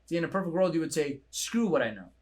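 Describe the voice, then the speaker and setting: Blunt, profane young man, higher voice. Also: fast talker. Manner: blunt, profane, animated storytelling. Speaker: coaching podcast host. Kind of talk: casual chat.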